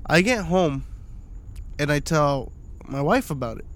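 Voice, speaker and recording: A young man tells a story on a casual podcast, his voice sitting a little high. He swears freely and keeps breaking into laughter as he goes. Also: lively intonation, unhurried. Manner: profane, laughs often while telling stories. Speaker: podcast co-host.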